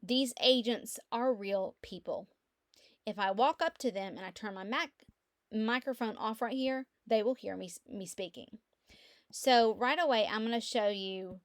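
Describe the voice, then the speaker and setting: A middle-aged woman, chatting casually from home through her computer mic as she walks through an online office, with animated storytelling. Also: medium pitch, dry recording, clean studio sound. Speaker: real estate agent. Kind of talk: casual screen-share walkthrough. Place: quiet room at home.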